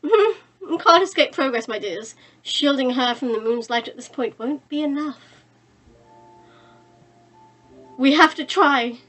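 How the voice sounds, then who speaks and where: A woman voicing a smug, flowery male villain in a visual novel reading, low and condescending. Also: animated, fairly bright tone, faint music behind. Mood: gloating. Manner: condescending, drawn-out theatrical delivery. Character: smug honey-voiced male villain, flowery and self-assured.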